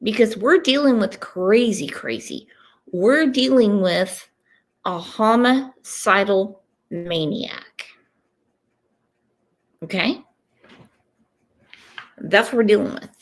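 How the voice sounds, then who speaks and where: Slow-talking emphatic woman commentator. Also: medium pitch, animated. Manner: emphatic, repeats "okay?" for stress. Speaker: true crime commentator. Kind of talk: casual commentary.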